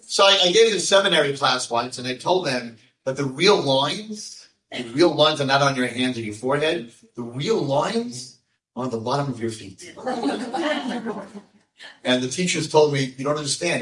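American rabbi, animated storytelling lecture, mid-pitched, room echo, distant mic. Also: male voice. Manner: animated storyteller, acts out quotes with sudden high voices. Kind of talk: storytelling lecture to a live audience. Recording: echoey room, speaker far from mic.

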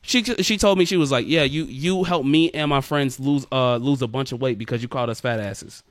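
A young man on a podcast telling a story in a casual, animated way, swearing and acting out both sides of the conversation. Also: medium pitch, a little fast, no echo, clean studio sound. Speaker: podcast co-host.

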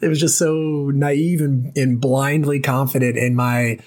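A man's voice: mid-range voice, steady tone, unhurried, a little mellow. Late-20s male guest, casual storyteller, full of fillers and restarts. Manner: loose, chatty, many fillers and restarts. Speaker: former ballplayer guest.

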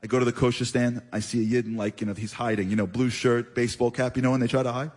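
A man telling a religious story in a chatty way, talking straight to his listeners with quick asides. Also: medium pitch. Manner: chatty, addresses listeners directly; animated, with quick asides and repeated phrases.

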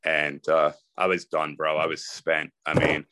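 A man's voice: a bass voice, monotone, measured pace, sharp tone, no echo. A middle-aged man telling his personal story candidly and conversationally as a podcast guest.

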